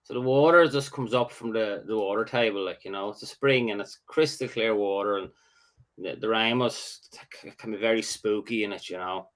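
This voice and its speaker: Man, casual storytelling chat, halting restarts, gets animated. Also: lowish voice. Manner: rambling, halting, animated when excited. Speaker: angler host.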